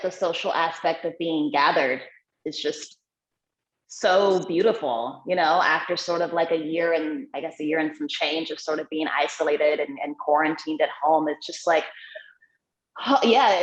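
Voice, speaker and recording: A woman's voice: low voice, normal speed. A woman actress on a video call, searching for words with many "like"s. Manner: warm, searching for words with likes. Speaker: actress, guest. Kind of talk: casual interview over video call. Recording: dull, echoey video call audio.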